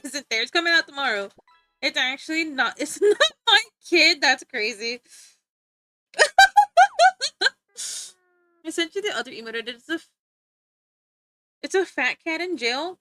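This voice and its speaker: A woman's voice: high-pitched, pushed and bright. A woman streaming live, chatting casually with her viewers, often giggling and talking back to chat. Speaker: livestreamer.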